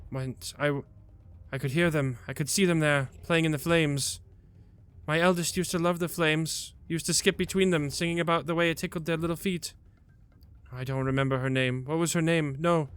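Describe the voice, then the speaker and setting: A man's voice: fairly high pitch, fairly even intonation, moderate pace, a bit bright, smooth, lightly acted. A man voicing an anguished old female dragon who laments her lost children in a wailing voice. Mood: grieving.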